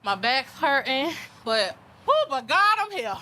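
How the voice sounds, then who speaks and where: A woman speaking in a documentary, excited and emotional, giggling between words. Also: sits high, a little slow. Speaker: documentary participant. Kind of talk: documentary interview.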